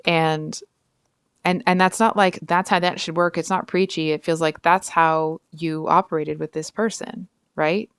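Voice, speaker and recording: A woman with a fairly low, smooth voice talks through a tarot reading in a frank, chatty way. She stacks up fillers and asides. The sound is dry and close. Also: fairly even intonation, a little slow, dry recording. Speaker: tarot reader. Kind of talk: casual tarot reading to camera.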